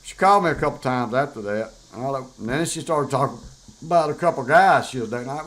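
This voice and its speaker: A man's voice: mid-range voice, expressive, quick pace, fairly bright tone, rough recording. An older man, talking bluntly and profanely in a rambling, casual monologue as a show host. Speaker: podcast host.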